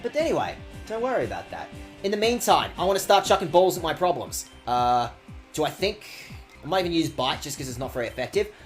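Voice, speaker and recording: A man streaming a video game, chatting casually with his viewers in a sarcastic, animated way and swearing often. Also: a little high, quick pace, soft background music.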